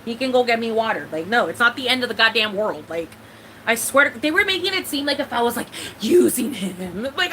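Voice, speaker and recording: A woman's voice: a little high, animated, brisk, sharp tone, slight background noise, low-quality recording. A young woman from Mexico ranting bluntly and profanely in a casual live-stream chat. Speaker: vlogger.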